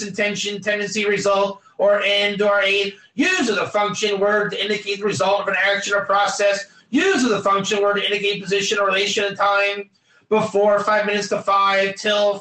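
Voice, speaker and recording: A man's voice: high-pitched, flat delivery, moderate pace, bright, forceful tone, reverberant. A man teaching a Torah class in an emphatic, repetitive lecture style, quizzing his students by name.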